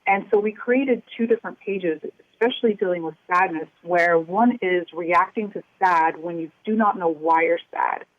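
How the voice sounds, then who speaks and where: A woman's voice: fairly low pitch, moderate pace, hardly any pauses, no room sound. Earnest woman on a tinny phone line. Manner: earnest, reflective, acts out remembered dialogue. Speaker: workbook co-author. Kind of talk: casual interview talk.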